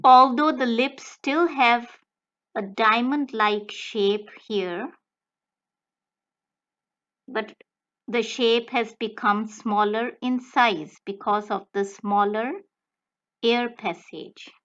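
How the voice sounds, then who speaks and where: A woman language tutor giving a slow, deliberate step-by-step explanation of pronunciation. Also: on the high side, a bit bright, dull audio. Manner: slow, deliberate, breaks words into careful phrases.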